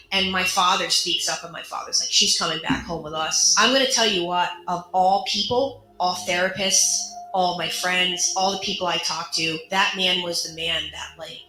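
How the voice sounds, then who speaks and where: A woman's voice: lowish voice, moderate pace, hardly any pauses, sharp tone, soft background music. Woman telling a painful story, echoey room. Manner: earnest, emotional retelling with quoted dialogue. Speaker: survivor telling her story. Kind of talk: personal storytelling.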